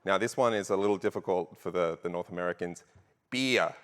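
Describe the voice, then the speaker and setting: Australian man, deep voice, playful keynote speaker, chatty and filler-heavy. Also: steady tone, fast talker. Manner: jokey, audience-rousing, frequent fillers. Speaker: conference speaker. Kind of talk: conference keynote talk. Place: large conference hall.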